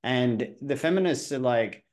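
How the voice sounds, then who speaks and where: A man's voice: mid-range voice, lively intonation, measured pace, a little mellow. Blunt, assertive podcast host man. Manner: sometimes swears. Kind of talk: casual podcast conversation.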